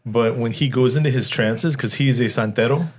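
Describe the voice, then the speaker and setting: A man co-hosts a movie review podcast in a mid-range voice at a moderate pace. The chat is casual, and he rambles, stumbles into restarts, and laughs frequently.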